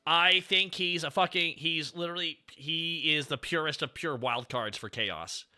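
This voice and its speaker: A man hosting a casual ranking stream, telling stories in an excitable, profane rush. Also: a little high. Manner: excitable, profane, fast storytelling. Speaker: streamer host.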